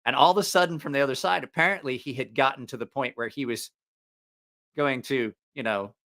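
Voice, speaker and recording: A man's voice: medium pitch, brisk, fairly bright tone. A man hosting a live stream, telling a rambling, profane story in a casual way and laughing at his own jokes.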